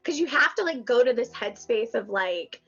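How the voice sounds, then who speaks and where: A woman's voice: a little high, animated, moderate pace, a bit bright, husky, muffled recording, soft background music. A woman comedian chatting casually on a podcast, telling stories, laughing often and acting out what people said. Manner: chatty storyteller, laughs often, acts out quotes. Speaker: comedian guest.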